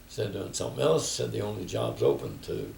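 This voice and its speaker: An older man tells his stories reflectively, giving voice to the people in them. His low voice is heavily gravelly and moves widely in pitch. It was recorded in a reverberant room with a faint hiss behind it. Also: wildly swooping pitch, quick pace, darkish tone, distant mic. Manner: reflective storytelling, quoting others. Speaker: interviewee. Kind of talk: oral history interview. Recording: echoey room, faint background noise.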